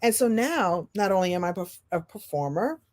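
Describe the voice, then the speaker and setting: A woman in her sixties from Brooklyn speaks as a storytelling coach. Her motivational talk is lively and goofy. She laughs often and drops into quick impressions. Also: mid-range voice. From Brooklyn, New York. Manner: playful, animated, laughs often, slips into impressions.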